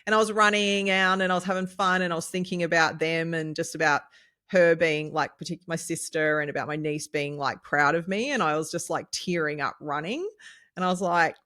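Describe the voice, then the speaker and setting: A woman, co-hosting a casual podcast chat and rambling excitably, with lots of fillers and laughs. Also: low voice, fairly quick. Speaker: podcast co-host, nutritionist.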